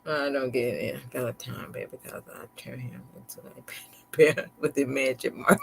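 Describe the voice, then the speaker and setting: A woman's voice: very deep voice, steady tone, normal speed, vocal fry, noisy background. A chatty woman talks straight to her live-stream viewers, candid and a little sarcastic. Her phrasing is loose and repetitive, full of restarts. She sounds casual and unscripted, like she is confiding in them. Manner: candid, conversational, a bit sarcastic and slick. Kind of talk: casual personal storytelling to viewers.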